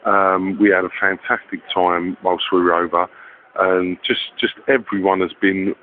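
A man's voice: low voice, level tone, moderate pace, a little hiss or hum. A man speaking after his friend in a hesitant, thankful phoned-in message. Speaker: fan correspondent. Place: airport. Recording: tinny phone line from an airport.

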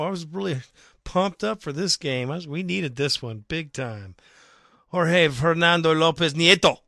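A man hosting a fan podcast, talking in a casual, rambling, excitable way and swearing freely, with his voice going hoarse. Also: on the high side, no echo, studio quality. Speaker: podcast host.

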